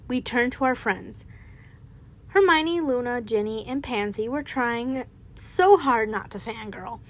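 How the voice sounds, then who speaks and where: A young woman reading a fanfiction story aloud in a casual way, with small slips and restarts. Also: on the high side. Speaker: fanfiction reader.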